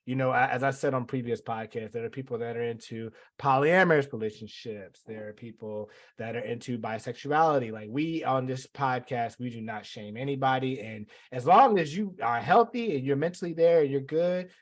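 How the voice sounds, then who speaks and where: A man's voice: medium pitch, a little fast, hardly any pauses. A man co-hosting a podcast, rambling with restarts and chuckles as he gives his take. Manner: rambling, self-correcting, chuckling. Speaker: podcast co-host. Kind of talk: casual podcast banter.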